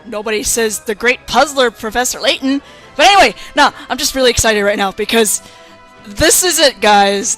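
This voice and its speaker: A young woman hosting a let's play, chatting excitedly through gameplay commentary. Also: fairly high pitch, moderate pace, faint music behind. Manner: excitable and giggly.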